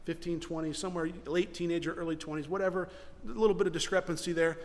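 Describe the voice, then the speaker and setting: High-voiced preacher in an echoey hall. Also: male voice, fast. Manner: animated preaching, repeats words. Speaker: pastor. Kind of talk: sermon.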